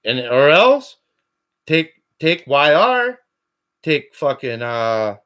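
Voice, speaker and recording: A man with a somewhat high voice, calling in to a show. He rants angrily, swears in nearly every sentence and keeps building toward shouting. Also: sing-song, slow, smooth. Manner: swears constantly, rising to shouting. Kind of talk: angry profane rant.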